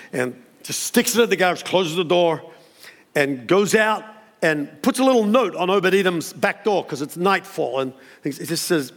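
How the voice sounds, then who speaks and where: A man preaching a storytelling sermon, animated and acting out the characters with sudden high exclamations. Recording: long hall reverb.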